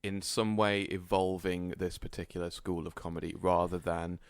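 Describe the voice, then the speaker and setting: A man's voice: deep voice, completely flat delivery, normal speed, no echo. A young man in his twenties co-hosting a podcast, chatting casually and plainly about a film. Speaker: podcast co-host. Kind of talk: casual film review chat.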